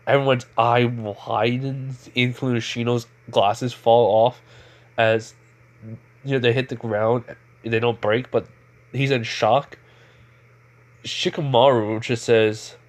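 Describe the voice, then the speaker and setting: A man casually narrating an improvised fan-fiction story, rambling along with many fillers and self-corrections. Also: medium pitch.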